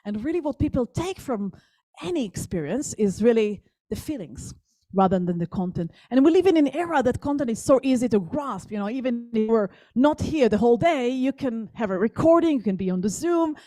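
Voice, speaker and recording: Higher-voiced woman telling a story. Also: lively intonation, fairly quick, warm tone, dry recording. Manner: engaged, asks the audience questions. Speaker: guest speaker. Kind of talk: storytelling talk to an audience.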